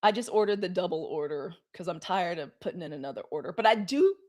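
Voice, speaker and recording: A woman's voice: on the low side, lively intonation, fast, darkish tone. Chatty woman hosting a live stream. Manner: chatty, playful, addresses chat directly. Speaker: live news show host. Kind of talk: casual live-stream talk to viewers.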